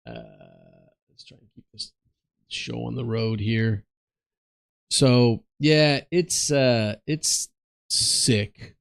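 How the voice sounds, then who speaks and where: A man's voice: medium pitch, vocal fry, darkish tone, no room sound, clean studio sound. A man giving casual, rambling commentary while playing a game, swearing offhandedly. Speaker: gaming streamer and commentator.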